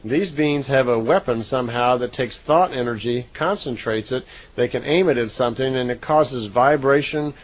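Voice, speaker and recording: A man's voice: mid-range voice, low-quality recording. A man recounting events in a casual, unscripted way, speaking conversationally with frequent fillers and self-corrections. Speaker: narrator recounting contact reports. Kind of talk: casual spoken retelling.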